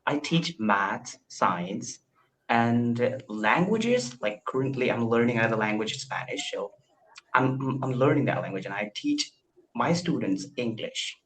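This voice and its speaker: A young man from India talks over a video call in an eager, self-deprecating way, stumbling and restarting as he explains himself. His voice sits at an ordinary middle pitch for a man. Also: sing-song, a little slow, fairly bright tone, low-quality recording. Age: 20s. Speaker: language learner. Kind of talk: casual video call conversation.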